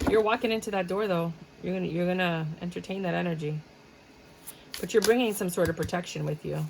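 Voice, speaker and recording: A woman's voice: lowish voice, a little fast, creaky, noisy background. A woman giving a casual tarot reading, blunt and chatty, swearing freely as she talks. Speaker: tarot reader.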